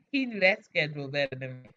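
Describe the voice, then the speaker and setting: A woman hosting a late-night livestream, chatting frankly with viewers and answering their comments in an animated way. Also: deep voice, a little fast, slight background noise. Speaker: livestream host. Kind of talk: casual chat with viewers. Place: home, at night. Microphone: webcam or phone mic. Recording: dull lo-fi livestream audio.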